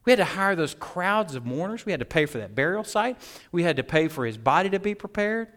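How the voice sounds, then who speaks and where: A man's voice: high voice, very animated, a little fast, a bit bright, pitched above the performer's own voice. A man voicing a careful, exasperated biblical woman scolding her sister in a sermon retelling.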